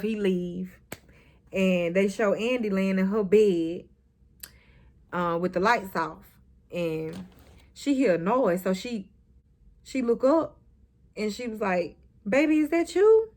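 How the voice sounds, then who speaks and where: A young woman recapping a TV episode in a casual, sassy, blunt way, swearing and talking back to the characters. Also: mid-range voice. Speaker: recap vlogger.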